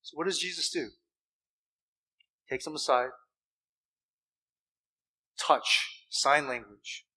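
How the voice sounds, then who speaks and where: High, bright-voiced animated preacher man. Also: husky, rough recording. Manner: animated, emphatic preaching with rhetorical questions; deliberate pauses and repeated words. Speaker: pastor. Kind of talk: sermon.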